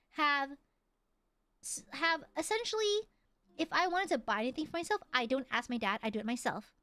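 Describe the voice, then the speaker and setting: Young woman streamer, high bright voice, chatty, rambling, quick to laugh. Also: dry recording. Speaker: VTuber streamer. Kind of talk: casual chat.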